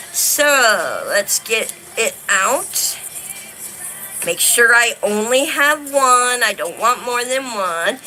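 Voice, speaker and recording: A woman hosting a casual livestream, chatting warmly and reading out viewer comments. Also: a little high, a little hiss or hum. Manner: chatty, warm, reads viewer comments aloud. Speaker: livestream host.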